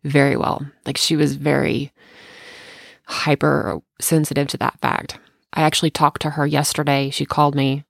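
A woman telling a personal story in casual conversation, emotional and halting, often restarting her sentences. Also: deep voice, monotone, gravelly, no echo. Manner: tender, close to tears at times.

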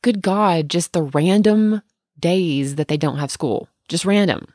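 A middle-aged woman co-hosting a casual chat, telling animated stories and laughing often. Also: fairly low pitch, unhurried, no room sound, clean studio sound.

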